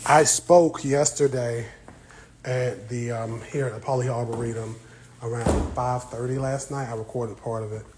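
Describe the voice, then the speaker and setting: In a casual live-stream chat, a man talks with his viewers in a relaxed, playful way, teasing them along the way at a moderate pace. His pitch is ordinary. He's recorded on a phone in a quiet indoor library, with a faint background hiss.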